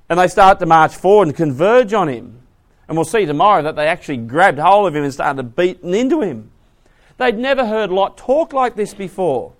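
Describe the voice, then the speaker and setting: A male preacher with a fairly high voice teaches a Bible class and calls out questions to his listeners. He moves from quiet, hushed asides to loud, pressing emphasis. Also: sing-song, normal speed. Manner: asks the audience questions. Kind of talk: sermon.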